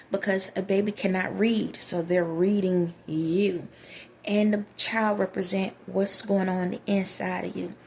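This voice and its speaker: A woman's voice: medium pitch, creaky, a little mellow, a little hiss or hum. A woman vlogger giving casual spiritual advice to her viewers, emphatic and preachy, often repeating herself.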